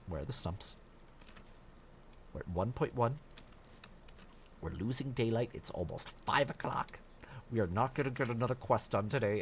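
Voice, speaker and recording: A man's voice: medium pitch, gravelly, slight background noise. A man streaming a survival game, grumbling and swearing at his bad luck and mocking himself as he plays. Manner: grumbling, profane, self-mocking. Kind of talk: casual gameplay commentary.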